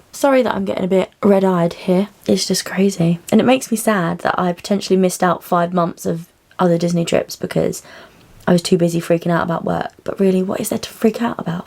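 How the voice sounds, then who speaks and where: A young woman who works as cabin crew, chatting excitedly to camera in a casual vlog. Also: lowish voice, vocal fry. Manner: bubbly and chatty, often squealing with excitement.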